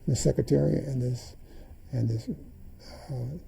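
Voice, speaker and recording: A man's voice: mid-range voice, fairly even intonation, moderate pace, vocal fry, mellow, slight background noise, poor audio. An older man in an interview, animatedly retelling events and acting out the dialogue he quotes. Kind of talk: storytelling in an interview.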